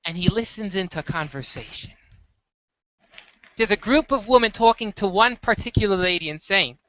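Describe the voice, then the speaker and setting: A teacher tells a story and acts out each person's lines with lively shifts of voice. The tone is bright and forceful, and the recording is dry and a little dull. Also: mid-range voice, moderate pace, dry recording. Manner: animated storyteller, acts out the dialogue. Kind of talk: storytelling lesson.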